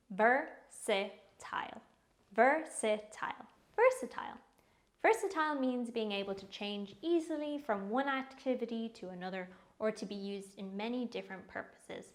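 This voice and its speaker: A woman teaching English vocabulary, saying each word slowly and clearly several times before explaining it. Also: on the high side. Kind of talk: slow vocabulary lesson with repeated pronunciations.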